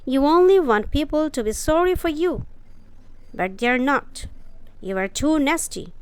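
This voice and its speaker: A woman voicing a bossy, sharp-tongued young girl who scolds and snaps. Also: sits high, animated, unhurried, voice pushed up. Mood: sharp, scolding. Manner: snappish and scolding.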